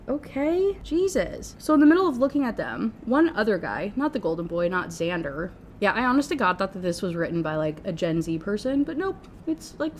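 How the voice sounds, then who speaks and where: A woman's voice: mid-range voice, a little mellow, slight background noise. An American woman ranting sarcastically and animatedly in her book review. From United States.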